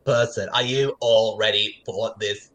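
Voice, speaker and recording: A man's voice: fairly low pitch, steady tone, unhurried, fairly bright tone, dull audio, pitched below the performer's own voice. A man putting on the voice of an eccentric woman actress, camp and flighty, slipping into silly accents. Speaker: co-host.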